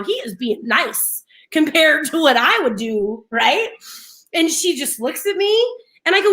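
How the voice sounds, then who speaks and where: A woman's voice: sits high, a little slow. A young adult woman co-hosting a radio show, telling a story animatedly and laughing often as she acts out what people said. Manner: animated, laughs often, slips into quoted voices. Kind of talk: casual morning-show storytelling.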